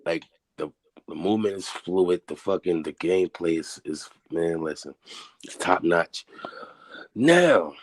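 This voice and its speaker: A man's voice: deep voice, lively intonation, a little slow, pauses often, dry recording. A man chatting on a podcast in a laid-back, slangy, profane way. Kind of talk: casual chat.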